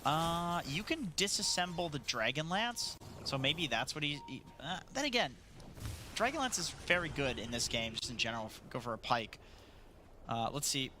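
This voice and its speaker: A man giving relaxed analytical color commentary on an esports match, with lots of fillers and easy laughter. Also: fairly high pitch, moderate pace, background noise.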